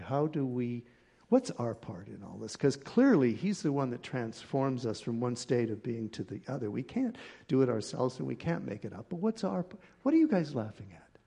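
A man preaching a sermon, telling a personal story in an animated, conversational way. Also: mid-range voice, creaky. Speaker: pastor.

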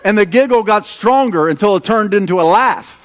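Animated high-voiced male preacher. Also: normal speed, a faint crowd. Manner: animated storytelling, acting out quoted voices. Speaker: pastor. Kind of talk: sermon.

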